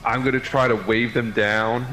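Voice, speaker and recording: A man's voice: medium pitch, level tone, normal speed, pushed and bright, soft background music. A man playing a tabletop game, easygoing and amused. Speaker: player. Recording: roomy echo.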